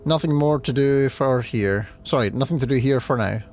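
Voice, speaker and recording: A man's voice: mid-range voice, normal speed, a little mellow, slight background noise. A man with a Scottish accent giving casual, chatty gameplay commentary and reading game text aloud. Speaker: let's play host.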